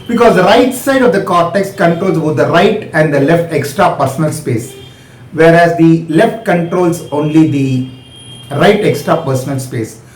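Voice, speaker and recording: A man's voice: fairly high pitch, reverberant, a little hiss or hum, rough recording. A man with an Indian English accent giving a step-by-step medical lecture, asking and answering his own questions.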